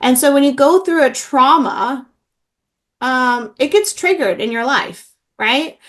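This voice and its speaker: Middle-aged woman, a healing practitioner, earnest and filler-heavy, pitched a little high. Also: a little slow, fairly bright tone. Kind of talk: interview, personal story.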